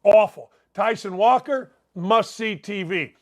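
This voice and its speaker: A middle-aged man from Indiana hosting a sports talk show, telling a story in a brash, loud, jokey way. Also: sits high. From Indiana, USA. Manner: loud, fast-talking, brash, jokey asides. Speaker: sports talk radio host. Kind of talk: animated storytelling monologue.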